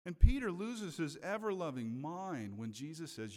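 A man's voice: a little high, big pitch swings, normal speed, few pauses, dark tone. A man preaching a sermon in a conversational way, often checking in with his listeners. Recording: long hall reverb.

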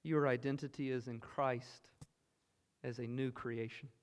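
A man with a Southern US accent preaching a sermon, earnest and emphatic, moving between loud exclamations and hushed asides. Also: medium pitch, fairly even intonation, measured pace. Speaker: pastor. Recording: long hall reverb.

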